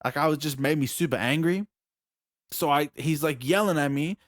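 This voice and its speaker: A man's voice: fairly high pitch, normal speed, no echo. Young aussie guy on a podcast, swears a ton, acts stuff out, dry close sound. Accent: Australian. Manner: animated, profane, acts out scenes with yelps and shouts. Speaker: podcast host. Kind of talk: casual storytelling.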